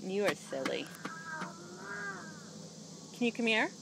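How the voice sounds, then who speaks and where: Young mom, lively sing-song baby talk, unhurried, noisy home-video sound with crickets behind. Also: female voice, mid-range voice, creaky. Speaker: mother filming her toddler. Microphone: handheld camera.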